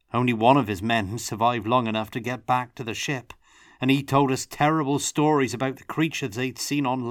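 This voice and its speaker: A man reading aloud, voicing a gruff, secretive halfling cook telling a grave story. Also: medium pitch, fairly bright tone, no echo, studio quality, voice pushed up, close to an everyday voice.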